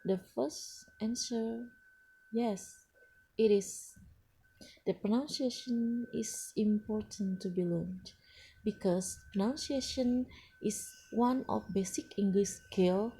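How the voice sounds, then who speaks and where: Slow, hesitant woman teaching pronunciation. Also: mid-range voice, mellow, breathy edge. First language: Indonesian. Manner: slow and hesitant, frequent uh fillers and restarts. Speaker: English teacher. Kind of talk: lecture presentation.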